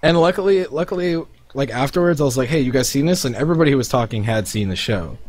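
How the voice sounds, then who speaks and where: A man co-hosting a casual podcast, telling lively stories and mimicking other people in high voices while playing a video game. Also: fast talker. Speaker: podcast co-host.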